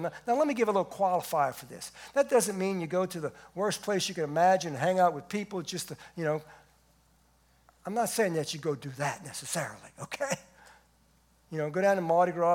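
A man preaches from the pulpit, his voice sitting high for a man. He swings between forceful, raised declarations and soft, hushed moments as he delivers the sermon. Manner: emphatic preaching that swings from loud to quiet. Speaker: pastor. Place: church sanctuary.

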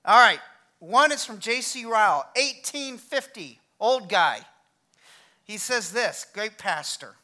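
A middle-aged male pastor giving a sermon in a conversational, energetic way, with self-deprecating humor. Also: high-pitched, slow.

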